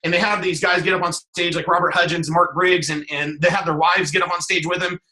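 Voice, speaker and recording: A man's voice: high voice, level tone, quick pace, pushed and bright, echoey room, rough recording. A middle-aged man giving a casual motivational talk as a guest speaker on a video call, rambling with many fillers and restarts, and swearing bluntly. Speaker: guest speaker, business coach.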